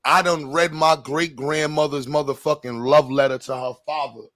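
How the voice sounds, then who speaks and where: A man hosting a casual stream chat, talking in loud, profane, mocking banter. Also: on the high side, fairly even intonation, normal speed.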